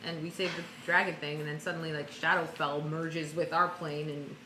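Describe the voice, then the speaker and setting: A woman playing a tabletop game, talking in a chatty, animated way. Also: low-pitched, normal speed, roomy sound, noisy background. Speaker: player. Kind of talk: casual chat.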